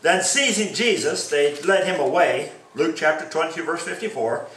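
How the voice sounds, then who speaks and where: A man preaching a sermon as pastor, reading scripture aloud and acting out the quoted lines with animated delivery. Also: on the high side, normal speed, reverberant, far from the mic, a little hiss or hum, poor audio.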